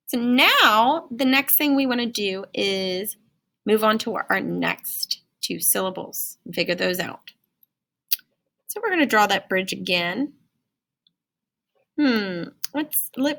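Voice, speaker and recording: Bright-voiced singsong phonics teacher woman. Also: mid-range voice, creaky. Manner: singsong, encouraging, talks to young learners. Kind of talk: phonics lesson for children.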